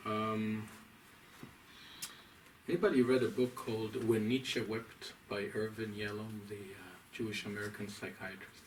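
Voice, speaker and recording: A man, a rabbi, giving a deliberate, emphatic, scholarly lecture to a small audience. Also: lowish voice, little pitch movement. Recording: distant mic, faint room noise.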